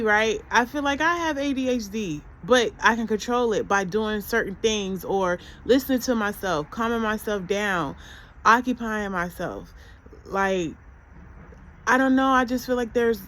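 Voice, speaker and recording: Casual vlogger, woman, high-pitched and chatty, a faint hiss behind her. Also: fairly bright tone, rough recording. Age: adult mother. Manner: chatty, conversational, asks rhetorical questions. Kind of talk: casual spiritual self-help talk.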